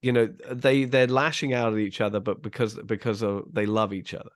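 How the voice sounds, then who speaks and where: A man's voice: medium pitch, a little fast, no echo, studio quality. A man co-hosting a movie review podcast, earnest and emphatic, stacking up praise. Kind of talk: casual movie review chat.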